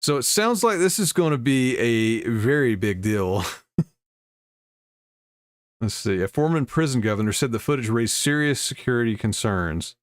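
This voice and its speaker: A man's voice: medium pitch, sing-song, moderate pace, dry recording. A man on a livestream, casually reading news stories aloud and breaking off with laughing asides to his chat.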